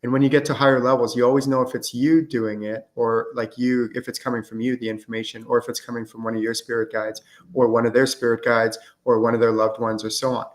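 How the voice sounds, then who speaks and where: A man's voice: mid-range voice, level tone, fast talker. A middle-aged man hosting a live-streamed question-and-answer show, talking casually with lots of fillers as he explains and acts out conversations. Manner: casual and chatty, many fillers, acts out student exchanges. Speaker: host and channeling teacher.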